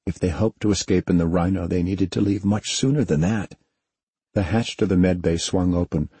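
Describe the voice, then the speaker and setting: A man narrating a science fiction audiobook in a measured, steady way, recorded on a close studio mic. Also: deep voice, husky, dry recording. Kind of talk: scripted narration.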